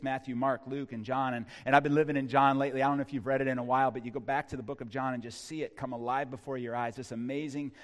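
A man preaching a sermon as pastor, emphatic, repeating key lines and calling the congregation to respond. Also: medium pitch. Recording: long hall reverb.

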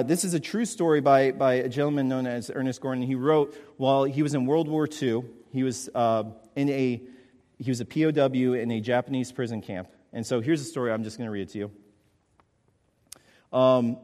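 A man's voice: mid-range voice, a little mellow. Emphatic male preacher in a reverberant hall. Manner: emphatic, repeats points with "okay?" checks. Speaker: pastor. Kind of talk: sermon.

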